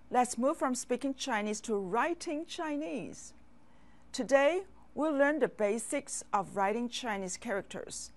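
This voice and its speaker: Teacher voice: woman, slightly high, slow and deliberate, patient drill style. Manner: patient, drills words and asks learners to repeat. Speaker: language teacher. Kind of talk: slow, clear classroom instruction.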